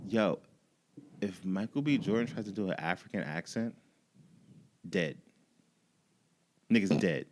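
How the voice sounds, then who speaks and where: Low-voiced, opinionated podcast co-host man. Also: a little slow, long pauses. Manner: opinionated, loose and profane, with frequent restarts. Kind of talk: casual chat. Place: studio.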